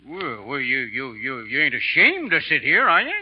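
An actor playing a boisterous, tipsy American rancher in 1940s radio drama, folksy and whooping with laughter. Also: male voice, mid-range voice, wildly swooping pitch, moderate pace, slightly rough. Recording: muffled old radio broadcast.

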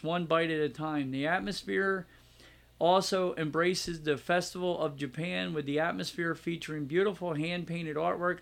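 A man's voice: on the high side, creaky, fairly bright tone. A middle-aged American man co-hosting a podcast, chatty and self-mocking, laughing at himself as he reads out news items. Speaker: podcast co-host. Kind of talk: casual podcast chat.

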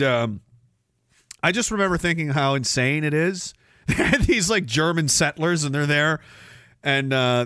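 A man's voice: a little high, sharp tone, dry recording, clean studio sound. A man hosting a live stream podcast, ranting sarcastically and acting out quoted voices. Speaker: podcast host.

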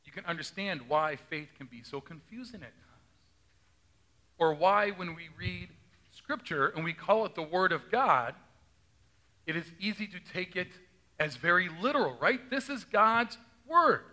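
A male pastor with a notably high, very bright voice gives a conversational sermon. He reads the gospel and then chats with his flock, asking them questions from the front of the church. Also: expressive, moderate pace, pauses often. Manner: chatty, quizzes the congregation. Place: church sanctuary.

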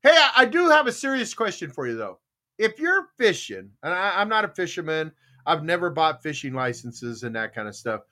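A man's voice: fairly high pitch, a little fast. A man hosting a podcast, joking, laughing and reading out the live chat. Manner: lively, jokey, laughs easily. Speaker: podcast host.

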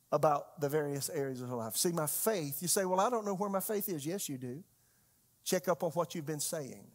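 Lively high-voiced pastor preaching. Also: male voice. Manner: conversational preaching with sharp swings in pitch and loudness, rhetorical questions. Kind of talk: sermon.

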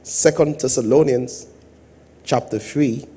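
A male pastor preaching a sermon, swinging between quiet asides and loud, sung-out exhortation. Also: medium pitch, slow, breathy edge.

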